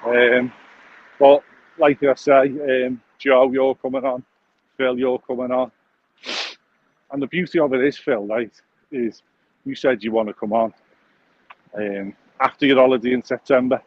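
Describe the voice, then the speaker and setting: A man's voice: medium pitch, steady tone, a little slow, long pauses. A man, hosting a podcast in a crude, jokey, rambling monologue full of swearing and restarts while walking outdoors on a phone mic. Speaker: podcast host. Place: outdoors, walking along a street. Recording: dull lo-fi sound with faint outdoor noise.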